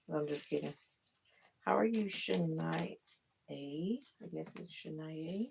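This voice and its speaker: A deep, gravelly, somewhat rough voice with a darkish tone belongs to this woman hosting a laid-back livestream at normal speed. She chats with viewers and says hello to them by name, her nose a little stuffed up from an apparent cold, over dull lo-fi audio with faint noise.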